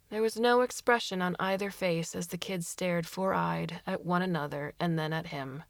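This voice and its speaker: A woman's voice: fairly low pitch, moderate pace, vocal fry, hardly any pauses, dry recording, studio quality. A woman narrating a story in audiobook style, reading expressively and shifting into voices for the characters.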